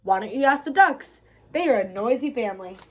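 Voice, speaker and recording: A woman's voice: on the high side, lively intonation, brisk, breathy edge. A woman voicing a kindly, apologetic mother pig in a storybook reading. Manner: warm, apologetic.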